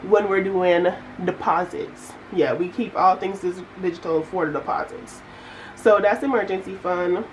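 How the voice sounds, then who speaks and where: A woman's voice: mid-range voice, a little hiss or hum, rough recording. Chatty young woman vlogging her budget. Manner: animated storytelling, chatty asides to viewers. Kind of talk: casual chat while budgeting.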